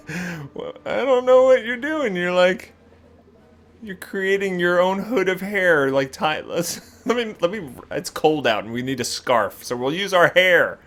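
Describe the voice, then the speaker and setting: A man hosting a casual gaming video, reacting with animated exclamations and laughter. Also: fairly high pitch. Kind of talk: casual game commentary.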